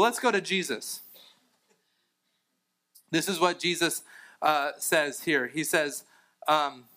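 Bright-voiced man preaching a sermon. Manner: preaching with many fillers and restarts, reading scripture aloud; swings between raised emphatic lines and low, quiet ones. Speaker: pastor.

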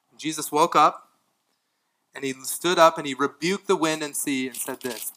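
Bright-voiced man preaching a sermon. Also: fairly high pitch, moderate pace, rough recording. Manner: dynamic preaching, swinging from emphatic to hushed; casual asides with light laughs. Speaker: pastor.

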